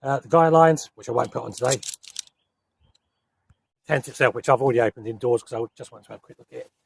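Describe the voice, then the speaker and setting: Gravelly man camping in woods. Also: medium pitch, fast, a little hiss or hum. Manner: blunt, plain-spoken. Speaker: camping vlogger. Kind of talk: casual outdoor vlog talk. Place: outdoors in a woodland.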